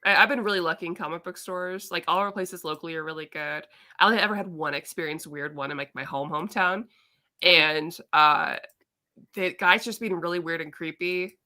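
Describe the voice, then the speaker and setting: A young woman hosting a casual podcast chat, talkative and quick to laugh. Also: on the low side, pushed and bright. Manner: chatty, laughs easily. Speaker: podcast host.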